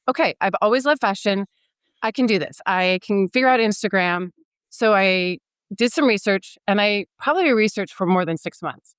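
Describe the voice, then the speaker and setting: A woman in her fifties, a podcast guest telling a personal story in a casual, animated way and acting out what others said. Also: mid-range voice, smooth, dry recording, studio quality. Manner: animated, acts out quoted dialogue.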